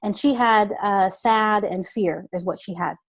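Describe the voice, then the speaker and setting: A woman voice coach explaining exercises in a deliberate, patient way. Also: medium pitch. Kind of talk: instructive interview talk.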